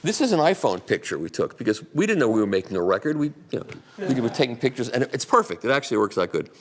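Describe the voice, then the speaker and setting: A man's voice: medium pitch, very animated, rapid-fire, a little hiss or hum. A man in his sixties giving a casual, rambling talk full of anecdotes and answering audience questions at a radio museum event. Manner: rambling, anecdotal, self-deprecating. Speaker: invited speaker.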